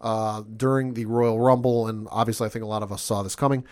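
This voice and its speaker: A man's voice: lowish voice, fairly even intonation, fast, darkish tone, smooth. A man hosting a casual podcast, recapping news in an enthusiastic, rambling way with many fillers. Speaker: podcast host. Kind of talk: casual sports and gaming chat.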